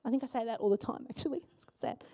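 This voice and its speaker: A woman pastor preaching a sermon in church, animated and asking the congregation questions. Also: a little high, racing.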